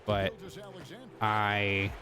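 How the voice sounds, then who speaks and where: A young man chatting casually while playing a basketball video game, talking in a relaxed, low-effort way and laughing often. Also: extremely slow, faint music behind. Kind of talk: casual chat while gaming.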